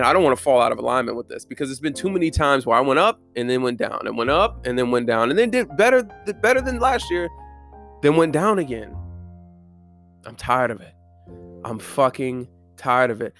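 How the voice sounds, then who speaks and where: A man's voice: mid-range voice, a bit bright. A young man giving a casual, blunt, profane motivational monologue with fervent conviction.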